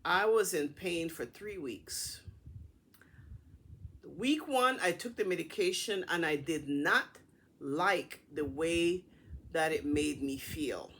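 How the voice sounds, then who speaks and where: A middle-aged woman casually telling a personal story to her camera in a chatty, animated way. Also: low voice, slow pace, slightly rough. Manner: chatty, animated retelling with acted-out dialogue. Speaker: vlogger.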